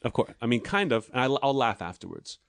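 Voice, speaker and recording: A man, a comedian, chatting casually and telling sardonic stories at a quick clip, sometimes slipping into voices of the people he describes. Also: medium pitch, big pitch swings, creaky. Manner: fast, sardonic storytelling with voiced impressions. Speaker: stand-up comedian guest. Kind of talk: casual chat.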